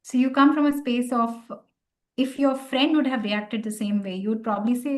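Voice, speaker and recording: Gentle higher-voiced woman teacher. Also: brisk, low-quality recording. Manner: gentle, encouraging. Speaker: meditation teacher. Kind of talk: online class talk.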